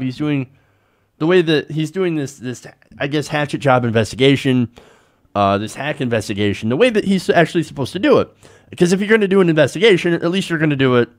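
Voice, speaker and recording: Male host, live political commentary, sarcastic and indignant, very lively pitch swings.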